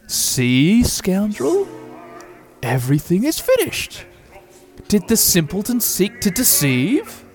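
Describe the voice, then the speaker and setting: A man's voice: sits high, huge pitch swings, takes it slowly, darkish tone, soft background music, pitched above the performer's own voice, full character voice. A man voicing a gloating, tyrannical male gnome overlord with a sneering, bullying delivery.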